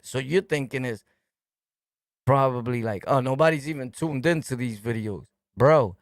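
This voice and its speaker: Blunt New York man ranting, gravelly. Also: medium pitch, no room sound, studio quality. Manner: blunt, repetitive, preachy slang. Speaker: YouTube host. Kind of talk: streetwise monologue rant.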